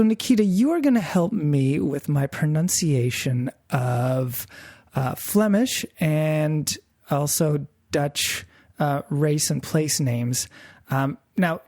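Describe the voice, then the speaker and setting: Canadian woman, podcast host, playful, self-mocking, warm dark tone, dry close sound. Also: low-pitched, animated, slow pace, no echo. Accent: English Canadian. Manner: self-deprecating, playful, stumbles over foreign names. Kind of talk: podcast interview.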